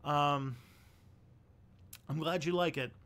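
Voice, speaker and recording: A man's voice: on the high side, takes it slowly, a bit bright, clean tone. A young man hosting a casual livestream, answering viewer questions in a rambling way, thinking aloud with fillers and restarts.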